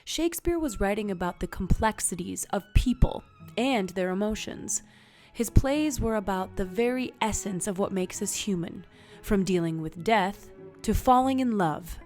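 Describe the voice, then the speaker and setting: A woman's voice: mid-range voice, expressive, normal speed, a little mellow, faint music behind. Upbeat woman narrating an acting lesson. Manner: upbeat, encouraging, conversational. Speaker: acting teacher. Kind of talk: scripted instructional narration.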